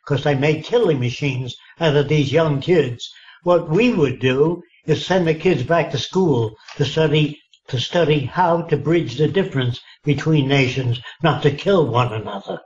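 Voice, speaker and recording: A man's voice: a little high, moderate pace. Blunt old man on a dull line. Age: 90s. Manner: blunt, emphatic, repeatedly checks understanding. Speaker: interviewee, futurist. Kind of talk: conversational interview. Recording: dull lo-fi sound.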